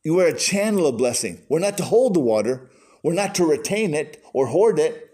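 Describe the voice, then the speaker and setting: A man preaching a sermon as pastor, folksy and animated, with conversational asides. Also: a little high, moderate pace, husky.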